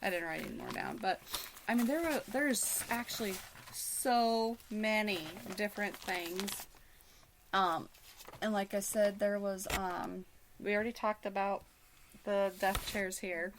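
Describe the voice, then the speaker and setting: A woman's voice: mid-range voice, fairly even intonation, unhurried, a little hiss or hum. Chatty middle-aged woman hosting radio. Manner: rambling, many fillers and restarts. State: hiccups. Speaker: radio show host. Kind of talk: casual chat.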